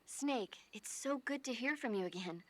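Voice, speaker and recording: A woman's voice: on the high side, animated, moderate pace, a bit bright. An actress playing a playful, caring young female medic in a video game. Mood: teasing.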